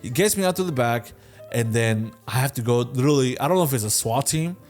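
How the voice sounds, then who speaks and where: A man's voice: mid-range voice, expressive, a little mellow, faint music behind. Casual, swearing young man telling stories. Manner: loose and profane, full of fillers and restarts; acts out the people in his stories with quick voice shifts. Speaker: podcast co-host answering listener questions. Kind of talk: casual storytelling.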